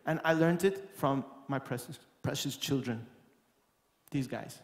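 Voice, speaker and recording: A man giving a lively, playful keynote talk to a live audience as a conference speaker and musician. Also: mid-range voice, unhurried. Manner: lively and playful, breaking into song and acting out quotes. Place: large conference hall, on stage. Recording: echoey hall with long reverb and faint music.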